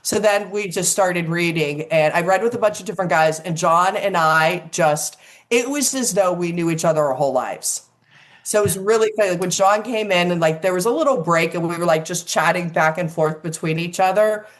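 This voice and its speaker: Animated older woman telling stories. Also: on the low side, a little fast. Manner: animated storyteller, acts out quotes, swears casually. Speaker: actress, interview guest. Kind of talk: casual storytelling interview.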